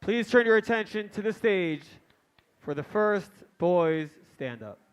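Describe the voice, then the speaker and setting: Very high-pitched man emceeing a live event. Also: animated, measured pace, smooth. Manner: shouting to a crowd. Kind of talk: live stage announcing.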